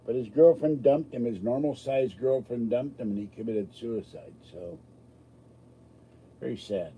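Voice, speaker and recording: Husky man rambling with jokes. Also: medium pitch, measured pace, warm tone, poor audio. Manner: rambling, self-deprecating joker. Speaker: livestream host answering chat. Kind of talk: casual live chat.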